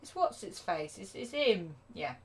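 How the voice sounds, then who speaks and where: A woman teaching a live drum lesson, chatty and self-deprecating, counting beats out loud. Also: medium pitch, big pitch swings, unhurried, husky. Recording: drum kit playing loudly behind.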